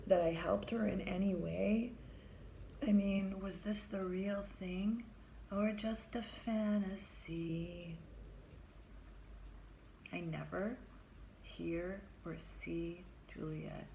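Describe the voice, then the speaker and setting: A woman's voice: medium pitch, sing-song, slow, vocal fry, warm tone, slight background noise. A middle-aged woman, a family therapist, telling a personal story in a candid, reflective, conversational way.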